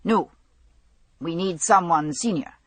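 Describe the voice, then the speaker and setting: Curt senior police superintendent, a man, read by a woman narrator; brisk and husky, audiobook. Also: lowish voice, a bit bright, dry recording, full character voice.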